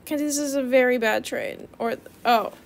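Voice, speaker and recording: Excitable teen girl creator, high voice with fry, chatty gameplay commentary. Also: normal speed. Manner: calls viewers bestie. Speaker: gaming video creator.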